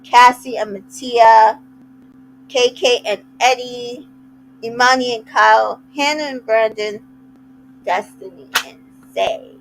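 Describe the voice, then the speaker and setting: A woman talks through a recap in an easygoing, chatty way, slipping into quick quoted asides as she retells scenes. Her voice sits a little high, and she takes her time. A faint hum runs under the recording. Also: steady tone, rough recording. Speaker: recap host. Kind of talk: casual recap chat.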